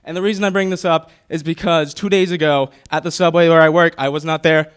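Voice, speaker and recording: A young man in his twenties works through a stand-up set on a handheld stage mic. He talks with a high pitch and a smooth, clear tone. He rambles nervously and fills the gaps with ums and likes. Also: fairly even intonation, fairly quick. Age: 20s. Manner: nervous, rambling, with many fillers. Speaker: stand-up comedian. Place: comedy stage before a live audience.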